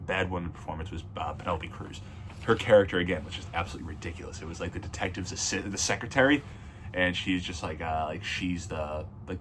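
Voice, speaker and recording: A movie reviewer gives a casual, blunt, opinionated take on a film, rambling and correcting himself mid-sentence. His low-pitched voice has a fairly bright tone, and there's a little hiss or hum.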